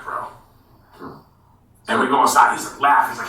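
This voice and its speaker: A man telling a story in a casual interview, animated and swearing freely, calling people bro. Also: mid-range voice, brisk. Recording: echoey room, mic far off.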